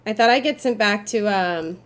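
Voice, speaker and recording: A woman's voice: mid-range voice, moderate pace, heavy background noise. Chatty, cursing woman streamer. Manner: casual and chatty, swears, flares up loudly when frustrated. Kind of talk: live gameplay commentary.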